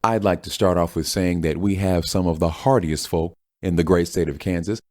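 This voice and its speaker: A man voicing a folksy partisan male senator, combative speechmaking, deep dark voice, dry. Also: steady tone, moderate pace, close to an everyday voice.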